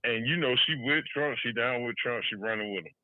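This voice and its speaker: A man co-hosting a podcast, chatting casually about politics with loose, halting restarts and laughs. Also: medium pitch, dry recording. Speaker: podcast co-host. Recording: tinny phone-line audio.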